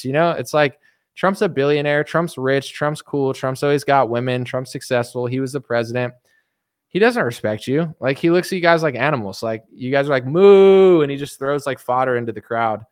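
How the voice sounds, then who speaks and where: In clean studio sound with no echo, a mid-range-voiced man delivers streamed commentary. His tone toward the audience is scornful, and he mocks viewers by imitating them in put-on voices.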